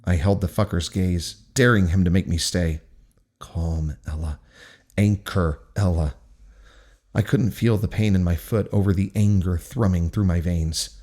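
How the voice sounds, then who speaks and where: A man's voice: sits low, normal speed, hardly any pauses, darkish tone. A man reading a first-person novel aloud in an intense, angry, profane manner. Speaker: audiobook narrator.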